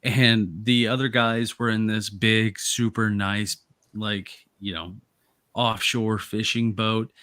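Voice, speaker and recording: A man's voice: fairly low pitch, little pitch movement, slow, sharp tone, no echo. A man co-hosting a live fishing stream, chatting casually and telling rambling stories. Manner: storytelling, rambling. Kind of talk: casual chat.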